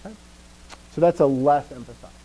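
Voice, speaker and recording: A man teaching Greek grammar to a class, lively, putting questions to his students and often dropping to a quiet trailing voice. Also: a little high, brisk, dull audio. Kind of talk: classroom lecture.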